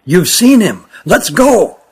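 A man voicing an anxious teenage boy who speaks in urgent, hushed tones in a storybook reading. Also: sits high, very animated, takes it slowly, husky, pitched above the performer's own voice, full character voice.

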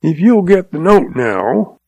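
A shrewd old cowboy drawls along in a calm, folksy way, amused at everyone else, as a man puts him on. The voice sits well above the reader's own and keeps a gravelly edge. The sound is dry and close. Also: on the high side, takes it slowly, no echo, pitched above the performer's own voice, full character voice. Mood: sly calm. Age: older.

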